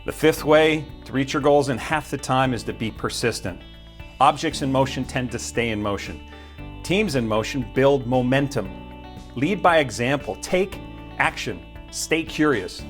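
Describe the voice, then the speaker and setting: A man's voice: mid-range voice, animated, normal speed. A man speaking straight to the camera with short, punchy motivational points. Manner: crisp, punchy short statements. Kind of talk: direct-to-camera motivational talk. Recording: faint music underneath.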